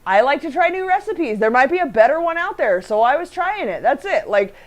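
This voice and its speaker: A woman's voice: high-pitched, big pitch swings, brisk. A woman hosting a casual baking livestream, chatting with her co-host, reading viewer comments aloud and laughing often.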